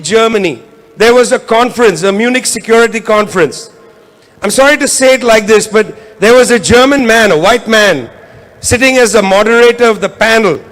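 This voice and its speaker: In an event hall, a man with a high-pitched, slightly bright voice delivers a keynote political speech. He is impassioned and hammers his points home through repetition.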